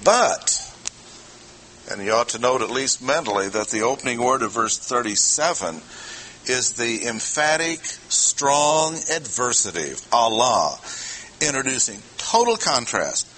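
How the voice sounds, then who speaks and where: A pastor speaks in a sharp, very animated, medium-pitched voice at a measured pace while preaching an expository sermon. He's conversational and puts questions to the congregation, on a rough recording with slight background noise.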